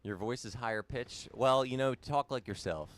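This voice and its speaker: A man's voice: mid-range voice, moderate pace, fairly bright tone. A young man streaming a video game, chatting casually, repeating himself and answering viewer comments. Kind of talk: casual live-stream chat while gaming.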